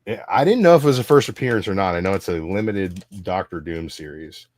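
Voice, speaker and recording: A man hosting a casual live stream chat, swearing freely and telling stories in an animated way. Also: sits low, fast talker, no echo. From United States. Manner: profane, ranting, animated storytelling. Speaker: show host.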